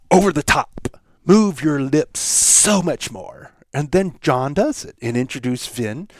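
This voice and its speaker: A man's voice: mid-range voice, dry recording, studio quality. A middle-aged man hosting his own podcast, talking through lessons in a reflective, conversational way. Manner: reflective, conversational, acts out quoted examples. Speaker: podcast host. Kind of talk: solo podcast monologue.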